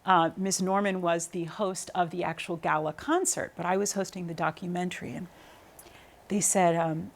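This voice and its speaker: A woman in her thirties, an opera singer, appears as a guest in an interview conversation and describes her singing career in animated stories full of fillers, ums and restarts. She talks fairly quickly in a mid-range voice, with slight background noise.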